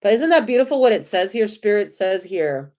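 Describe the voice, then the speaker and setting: A woman with an American accent giving tarot readings on a live stream, gentle, effusive and reassuring. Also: mid-range voice, big pitch swings, fairly quick. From United States. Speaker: tarot reader.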